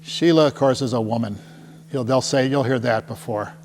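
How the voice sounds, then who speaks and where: A chatty middle-aged man presents for a tour company to a small audience in a meeting room, jokey and often asking the crowd "right?". His mid-range voice has a darkish tone at normal speed, and the recording carries a long hall reverb with faint hum.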